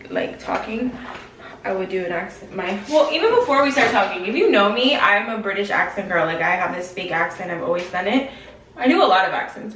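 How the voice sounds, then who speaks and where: A woman's voice: mid-range voice, fairly bright tone, a little hiss or hum. Chatty young woman in an echoey room. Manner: chatty, slangy, self-reflective. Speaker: vlogger. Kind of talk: casual vlog chat. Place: gym. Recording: echoey room, mic at a distance.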